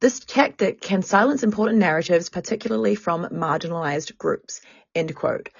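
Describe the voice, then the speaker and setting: A woman's voice: on the low side, moderate pace, vocal fry, husky, dry recording, highs cut off. A woman hosting a podcast who tells a personal story frankly and with animation, swearing freely. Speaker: podcast host and sex worker activist.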